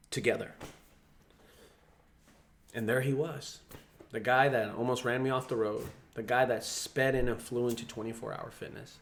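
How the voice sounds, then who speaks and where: A man's voice: mid-range voice, fairly bright tone. A man who runs a junk removal business, teaching sales in a casual, profane, storytelling way. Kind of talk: casual teaching talk to camera.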